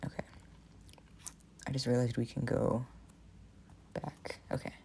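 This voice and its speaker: A woman streamer working through a story game in a relaxed, thinking-aloud way. Her voice is very low with plenty of vocal fry and a dark, mellow tone. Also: moderate pace, a little hiss or hum. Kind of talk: casual game playthrough and reading aloud.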